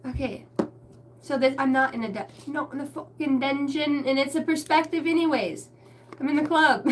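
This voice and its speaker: Sitting in her ring-lit basement, this vlogger and spiritual reader rambles on camera with a high-pitched voice and lively intonation. She laughs a lot, curses freely and tells stories peppered with quick asides, with slight background noise audible.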